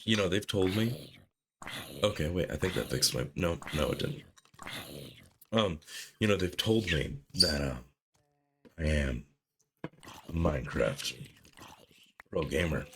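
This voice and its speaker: Hoarse young man rambling over gameplay. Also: sits low, lively intonation, slow, pauses often, background noise. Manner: rambling, filler-heavy, jokey musings. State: hoarse from sickness. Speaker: gameplay commentator. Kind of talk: casual gaming commentary.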